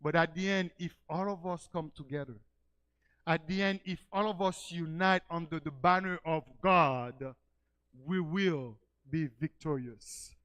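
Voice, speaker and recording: Male pastor, sermon storytelling, high clean voice, swells into fervent preaching. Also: measured pace, a bit bright, clean tone, highs cut off. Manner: storytelling, rising to emphatic preaching cries.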